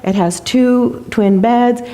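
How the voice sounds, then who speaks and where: A woman's voice: fairly high pitch, steady tone, takes it slowly, mellow, in a large hall, pitched above the performer's own voice. A woman voicing a cheerful male mechanic in a joke, upbeat and reassuring.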